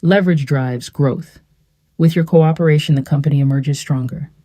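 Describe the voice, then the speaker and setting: A woman voicing a smooth, persuasive male executive husband who schemes against his wife, in a calm storybook reading. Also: low-pitched, normal speed, no echo, studio quality.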